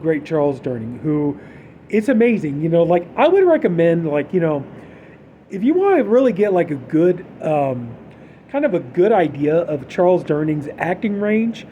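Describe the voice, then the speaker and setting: Man, podcast host, fairly high voice, mellow tone, rambling film recap, faint hiss. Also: highs cut off. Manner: rambling, many "you know" fillers.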